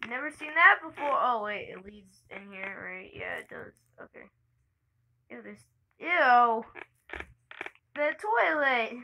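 A young woman giving chatty, excitable gameplay commentary for her channel, laughing and shrieking often. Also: a little high, slow pace, creaky, pauses often, slight background noise, poor audio. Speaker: gaming channel host.

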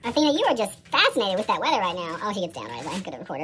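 A woman's voice: mid-range voice, big pitch swings, racing, a bit bright, a little hiss or hum. A woman filming her cats at home, cooing at them in repetitive baby talk. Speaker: cat owner filming her pets. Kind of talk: casual home video, baby talk to pets.

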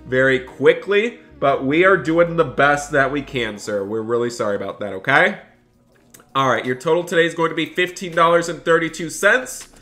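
A man hosting a gaming roleplay video as a store cashier, excitable, switching between chatting with viewers and scolding customers. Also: fairly high pitch.

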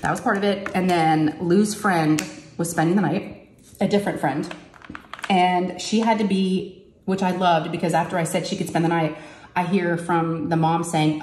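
Middle-aged woman, chatty home vlogger, slightly low voice, echoey craft room. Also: steady tone, moderate pace, a little mellow. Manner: chatty storyteller who acts out quotes in a higher voice. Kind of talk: casual chat while diamond painting. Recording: echoey room, faint noise.

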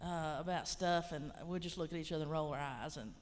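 A woman's voice: sits low, a little fast, slight background noise. Frank Appalachian woman in a hall. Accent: Southern Appalachian. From Appalachia, western North Carolina. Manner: frank, rambling, plainspoken, with mild swearing. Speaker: writer and college teacher on a panel. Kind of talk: casual panel storytelling. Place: large lecture hall.

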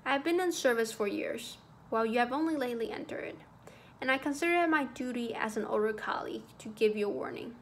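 A woman's voice: fairly high pitch, fast talker, a little hiss or hum, natural voice. Woman doing a fussy, agitated old schoolmaster. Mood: anxious lecturing. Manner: agitated, prim and lecturing. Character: fussy anxious old-fashioned male schoolmaster.

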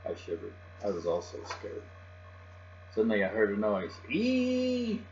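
Man reading a kids' storybook, mid-pitched, soft and even; dull lo-fi recording, faint hum. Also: normal speed. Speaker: storybook reader. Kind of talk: reading a picture book aloud.

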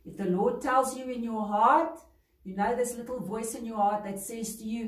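A woman's voice: on the high side, normal speed, distant mic. A woman telling a Bible story to preschool children, speaking straight to them and asking them questions along the way. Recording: roomy echo, voice set back from mic.

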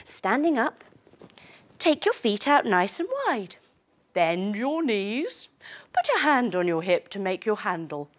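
A woman's voice: medium pitch, big pitch swings, takes it slowly. A woman leading a children's yoga class through a story, giving encouraging instructions and making playful sound effects.

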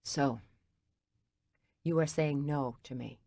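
A woman's voice: sits low, takes it slowly, dark tone, dry recording, studio quality, exaggerated voice. A woman reading as a brusque, bitter man in an argument. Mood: arguing. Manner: brusque and cutting. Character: angry wounded man arguing with his ex.

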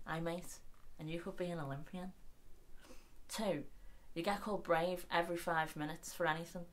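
A woman performing her spoken word poetry on stage with a wry, blunt, deadpan humour. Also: fairly low pitch. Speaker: poet.

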